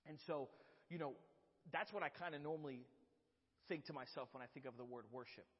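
Chatty fill-in preacher in a church. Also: male voice, a little high, a little fast, husky. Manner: chatty, joking, gets loud and excited. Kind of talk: informal sermon with prayer. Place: church sanctuary. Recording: dull echoey church hall recording.

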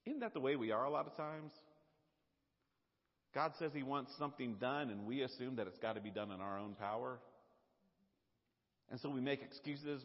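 A man preaching a sermon in an animated, conversational way, with fillers and repeated words. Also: mid-range voice, normal speed, pauses often. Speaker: pastor. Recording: dull lo-fi sound, long hall reverb.

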